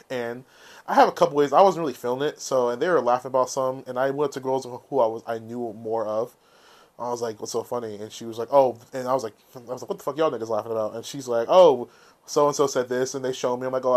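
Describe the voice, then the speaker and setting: Brief: male podcast co-host, casual storyteller, animated, swears freely. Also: mid-range voice, fairly quick. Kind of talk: casual chat.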